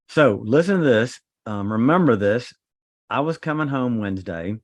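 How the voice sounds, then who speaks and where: A middle-aged man hosting a podcast, a trauma surgeon telling a story in a casual, animated way. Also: medium pitch, moderate pace, no room sound. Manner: animated, acts out other people's voices in his stories.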